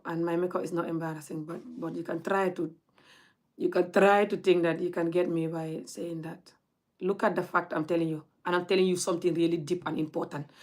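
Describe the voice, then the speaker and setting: A woman's voice: fairly low pitch, darkish tone. Heated, scolding woman. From Gambia. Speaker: vlogger. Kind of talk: direct-to-camera rant.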